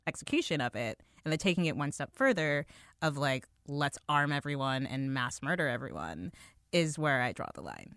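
Lively, bright-voiced woman hosting a chat. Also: low-pitched, moderate pace, no room sound, studio quality. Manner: laughing, playful quiz-master. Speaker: podcast host. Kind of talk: casual group chat.

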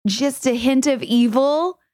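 A woman's voice: high voice, takes it slowly, a little mellow. A woman co-hosting a casual podcast, effusive and enthusiastic, heaping praise on her co-host.

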